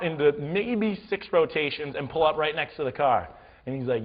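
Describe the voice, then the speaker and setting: A young man in his twenties telling a rambling, animated comic story in a dull lo-fi recording. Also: fairly high pitch, normal speed, big-room sound. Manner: rambling, animated, lots of fillers.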